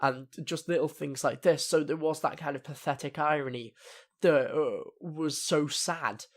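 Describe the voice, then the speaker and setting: A man's voice: on the high side, normal speed. A young man giving a casual spoken TV episode review, rambling with many fillers and restarts. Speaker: TV review vlogger.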